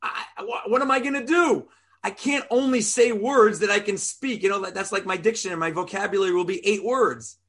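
A worried prophet pleads that he cannot speak well enough to lead, as a man puts him on in a lesson. His voice is high and anxious, and the voice stays close to the teacher's own. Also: brisk, a bit bright, breathy edge, exaggerated voice. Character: worried adult male prophet, unsure of his speech.

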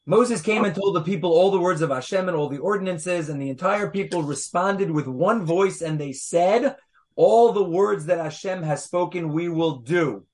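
Emphatic higher-voiced male Torah teacher. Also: normal speed, a little mellow. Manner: emphatic, asks rhetorical questions, reads verses aloud. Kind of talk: animated text study with a small group.

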